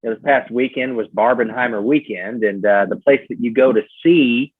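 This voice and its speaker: A man's voice: mid-range voice, normal speed, husky, no echo. Southern man rambling over a tinny line. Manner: rambling, lots of fillers and restarts. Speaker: podcast guest, musician. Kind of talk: casual podcast chat. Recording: tinny phone-like line, dry.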